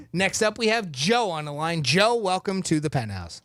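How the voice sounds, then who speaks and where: Upbeat high-voiced radio host. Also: male voice, sing-song, moderate pace, crowd noise. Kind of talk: radio contest hosting. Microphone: studio microphone.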